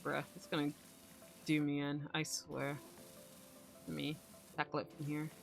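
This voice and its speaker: A woman's voice: low-pitched, monotone, unhurried, gravelly, soft background music. A young woman streaming, chatting casually in a rambling way, swearing freely and laughing often. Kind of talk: casual livestream chat.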